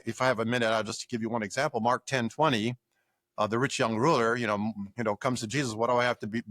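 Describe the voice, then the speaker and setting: An older man, a guest scholar in an interview, explaining with lively examples and acted-out quotes. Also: medium pitch, no echo. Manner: animated explainer acting out examples.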